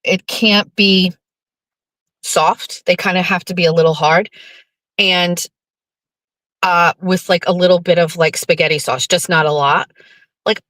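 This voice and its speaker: A talkative woman, rambling freely and swearing often as she hosts her own show. Her voice sits on the lower side and the sound is dry and close, with no room around it. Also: a bit bright, no echo. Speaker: host. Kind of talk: casual chat reading viewer comments.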